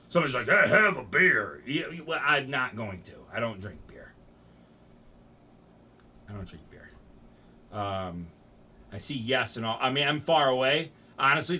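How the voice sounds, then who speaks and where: A young male streamer, his voice a little high and sharp in tone, rambles and cracks profane jokes while chatting casually with his livestream audience.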